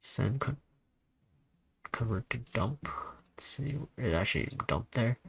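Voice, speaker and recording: A man casually talking through a music software tutorial in a rambling, offhand, self-deprecating way. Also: medium pitch, expressive, a little slow, gravelly, a little hiss or hum. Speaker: tutorial host. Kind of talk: casual screen-recording tutorial.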